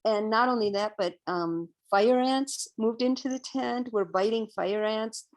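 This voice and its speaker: A woman in her sixties, a guest on an interview podcast, telling a personal story in an animated way and acting out her own past outbursts. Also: fairly high pitch, unhurried. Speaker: interview guest, vegan educator.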